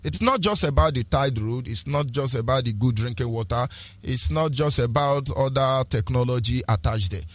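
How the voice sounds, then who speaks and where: A man's voice: mid-range voice, normal speed, no room sound. Fiery Nigerian man on radio. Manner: preachy, rhetorical, switches into pidgin, repeats phrases. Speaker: radio broadcaster. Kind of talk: impassioned political radio talk.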